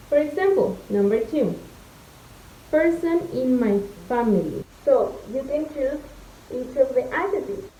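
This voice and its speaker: A young woman from Mexico teaches English in a slow, patient way, her clear as she spells out each step. Her voice sits a little high and rings in a roomy, echoey space. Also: warm tone, slight background noise. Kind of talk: recorded online lesson. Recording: echoey room.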